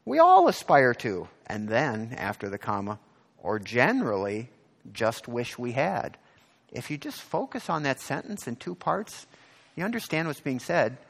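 Male pastor, mid pitch with a lively melody, conversational sermon style. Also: creaky. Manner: conversational, asks the congregation questions, frequent "right?"; reads passages aloud slowly with emphasis.

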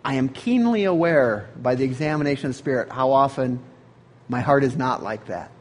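A man's voice: medium pitch, animated, a little fast. A man preaching a sermon as pastor, in an earnest, conversational way.

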